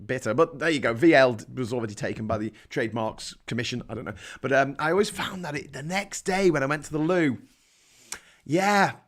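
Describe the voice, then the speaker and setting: A man's voice: medium pitch, fairly quick. A man with a Liverpool accent hosting a casual livestream, rambling, joking and reading out chat comments. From Liverpool, England. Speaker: livestream host.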